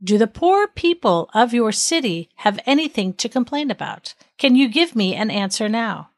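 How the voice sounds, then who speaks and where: A woman voicing a stern, just king who commands and questions forcefully in a read-aloud story. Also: fairly high pitch, sing-song, moderate pace, no echo, voice pushed up.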